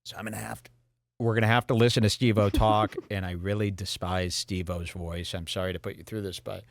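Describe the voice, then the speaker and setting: A man's voice: sits low, steady tone, a little fast, creaky, dry recording. Sarcastic man ranting at a studio mic. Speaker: podcast host. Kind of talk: casual commentary. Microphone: headphones and studio mic.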